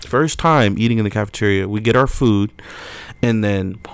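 An animated young man tells a story in a casual podcast chat. His voice sits fairly low, and he jumps up loud when he acts out what people said. The sound is close and dry. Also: moderate pace, smooth, no echo. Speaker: podcast co-host.

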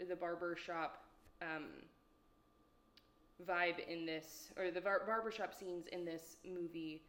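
A woman giving a casual spoken film review at home, rambling and hesitant with lots of fillers and restarts. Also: lowish voice. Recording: echoey room.

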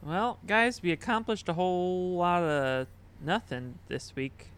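Easygoing male podcast host, slightly high voice, relaxed sign-off energy. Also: unhurried, clear, resonant tone. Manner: easygoing, wraps up the show. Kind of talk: casual chat.

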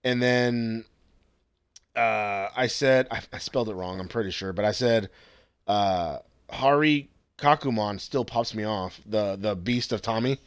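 A man's voice: on the low side, a little slow, clear, resonant tone, no echo. A young man casually recapping an episode with a co-host, swearing a lot and acting out the scenes. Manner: profane, excitable, acts out scenes with voices. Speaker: podcast co-host recapping an anime. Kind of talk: casual chat.

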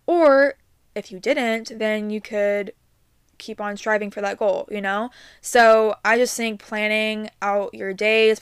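A woman's voice: medium pitch, clean tone, no room sound, studio quality. A young adult woman hosting her own podcast, giving casual upbeat advice with many ums and likes. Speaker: podcast host.

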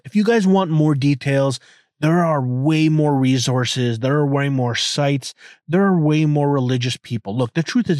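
A man's voice: medium pitch, darkish tone, no echo, studio quality. Rambling joking man podcasting from a car. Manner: rambling, irreverent, joking, many restarts. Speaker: podcast host. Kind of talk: casual solo podcast monologue. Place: inside a car.

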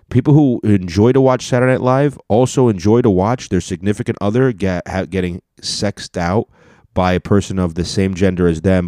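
Deep dark-voiced guy doing a solo podcast, snarky comments on headlines, dry close sound. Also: no echo. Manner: sarcastic running commentary. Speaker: podcast host. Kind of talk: casual solo podcast, reading headlines aloud.

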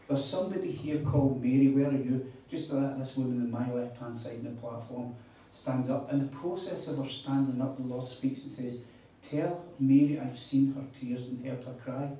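A man's voice: medium pitch, steady tone, normal speed, warm tone. A man preaching a sermon, telling stories with emphatic repeats. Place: hall at a retreat. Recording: echoey hall, mic far off.

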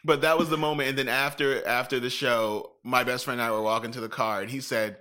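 A man in a casual chat, telling a lively, profane story and acting out what people said. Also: mid-range voice, fairly quick, hardly any pauses. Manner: animated, profane storytelling with acted-out quotes.

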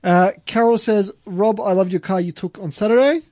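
A man's voice: high-pitched, moderate pace, a little mellow. A young Australian man hosting a casual car podcast, joking and reading out listener comments. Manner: laughing, loose and joking, reads out listener comments. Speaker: podcast host. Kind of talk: casual chat.

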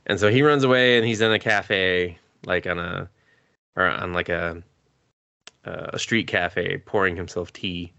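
A man's voice: deep voice, steady tone, unhurried, gravelly, bright, forceful tone, no room sound, lo-fi sound. A man hosting a podcast, recapping anime in a rambling, profane, casual way while sick with a cough, chuckling often. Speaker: podcast host.

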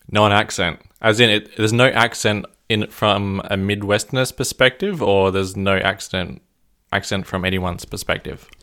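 A man co-hosting a podcast in a curious, questioning casual chat, quick to laugh. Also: on the low side, steady tone, a bit bright. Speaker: podcast co-host.

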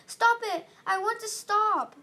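Lady doing a whiny scared boy dragon, high voice. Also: very animated, slow pace, slightly rough, heavily acted. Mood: pleading. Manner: whiny, complaining. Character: reluctant young male dragon, timid and whiny.

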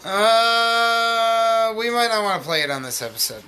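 A man's voice: extremely high pitch, unhurried, bright, forceful tone. A man hosting a podcast in loose, profane casual chat, laughing often. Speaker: podcast host.

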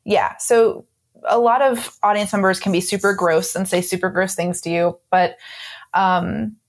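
A woman's voice: mid-range voice, steady tone, unhurried. A woman speaking in an interview as a burlesque performer, frank and sassy, with many ums and frequent laughs. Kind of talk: candid interview talk.

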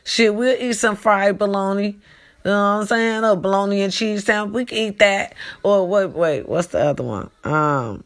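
A woman's voice: medium pitch, moderate pace. A woman hosting her own talk show, speaking casually and animatedly to her listeners, swearing freely and calling them y'all and baby. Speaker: podcast host.

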